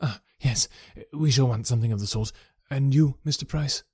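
A man voicing a nervous middle-aged male employer in an audiobook, with hurried, strained politeness. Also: medium pitch, dark tone, slightly rough, no echo, clean studio sound, lightly acted. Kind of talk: audiobook character voice.

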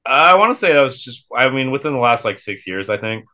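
A man's voice: medium pitch, very animated, fast talker, bright, forceful tone. A young man co-hosting a casual podcast, laid-back, swearing freely and laughing often. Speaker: podcast co-host.

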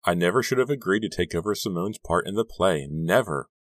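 A man's voice: low voice, lively intonation, brisk, no echo, studio quality, pitched above the performer's own voice. A man voicing a frightened teenage girl who talks anxiously and urgently about danger. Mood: fearful. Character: frightened teenage girl actress, nun costume.

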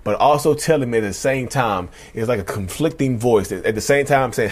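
A man in his thirties with a baritone voice, hosting a podcast in a casual, rambling monologue that often restarts and calls listeners y'all. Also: normal speed, few pauses. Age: 30s. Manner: rambling, repeats himself, addresses listeners as y'all. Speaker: podcast host.

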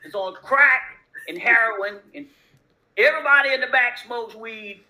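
A man voicing a brash woman prep cook who loudly and bluntly calls out her coworkers. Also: on the high side, measured pace, voice pushed up, low-quality recording. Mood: mocking. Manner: loud, mocking and blunt.

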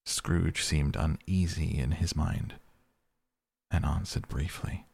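A man's voice: a bass voice, fairly even intonation, gravelly, husky, no room sound. A man narrating a classic novel as a soothing bedtime sleep story. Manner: soft, slow, soothing. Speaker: podcast reader.

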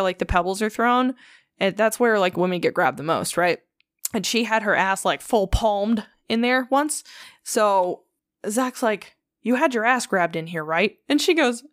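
A woman's voice: medium pitch, dry recording, clean studio sound. A woman casually retelling a story on a podcast, swearing freely and acting out the quotes. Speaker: podcast host.

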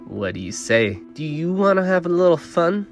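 A man's voice: fairly high pitch, sing-song, normal speed, faint music behind, voice pushed up. A man voicing a coarse, menacing sheriff who mocks and growls. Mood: mocking menacing. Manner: mocking, growling, crude.

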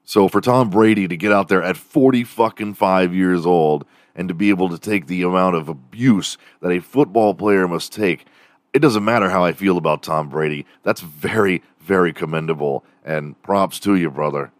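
A young Texan man rants casually on his own podcast, swearing freely and wandering off topic. His voice sits low and deep. It sounds close and dry, with no room around it. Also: normal speed, no room sound. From Texas. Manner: profane, rambling, mimics accents for jokes. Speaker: podcast host. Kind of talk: casual rant.

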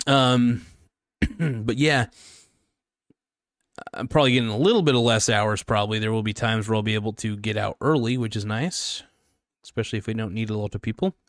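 A man's voice: lowish voice, a little fast, long pauses, no echo, clean studio sound. A young man hosting his own podcast, chatting casually in a rambling, jokey, self-mocking way. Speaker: podcast host. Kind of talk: casual solo podcast chat.

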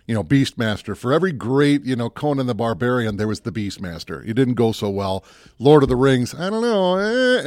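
A man co-hosts a casual movie chat show, rambling and musing aloud and often breaking off mid-thought. His medium-pitched voice is a little mellow, captured in a dry, clean studio recording.

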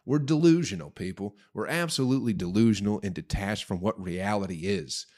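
A man's voice: lowish voice, expressive, fairly quick, darkish tone. A man hosting a podcast, delivering a crude, profane, scornful rant in a casual comedic style. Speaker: podcast host.

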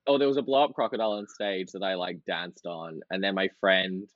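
A man, chatting as a podcast guest, full of fillers and quick laughs. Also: sits low, fairly even intonation, lo-fi sound. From Australia. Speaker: podcast guest, drag performer. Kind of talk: casual interview chat.

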